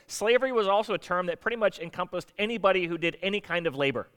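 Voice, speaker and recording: A man's voice: high-pitched, lively intonation, fast talker, a bit bright, clean tone. A middle-aged man, a pastor from the United States, preaching a conversational sermon and acting out quoted voices.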